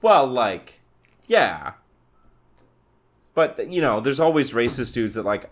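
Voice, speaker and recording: Brief: male podcast co-host, dry and teasing, expressive delivery. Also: mid-range voice, takes it slowly. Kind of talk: casual chat.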